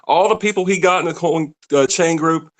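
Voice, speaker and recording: A man's voice: a little high, fairly quick. A man co-hosting a casual crypto chat, laid-back, laughing often and swearing freely. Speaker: podcast co-host.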